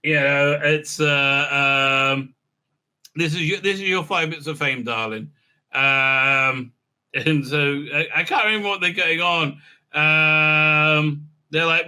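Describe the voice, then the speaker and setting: A man hosting a casual recap and review show, rambling and sarcastic with lots of filler sounds. His voice is sharply bright and a little higher than most men's. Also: takes it slowly, smooth. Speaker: host.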